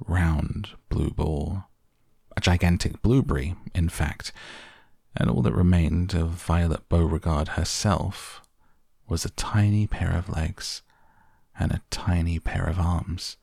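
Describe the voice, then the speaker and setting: A man narrating a children's storybook in a steady, deliberate manner. His voice is very low, with a husky, gravelly texture. The recording is close and dry. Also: no room sound. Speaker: audiobook narrator.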